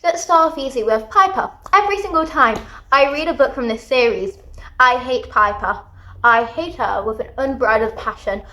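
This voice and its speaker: A woman giving a casual book review vlog, talking in an animated, exasperated rant. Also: high voice, brisk, hardly any pauses. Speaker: book vlogger.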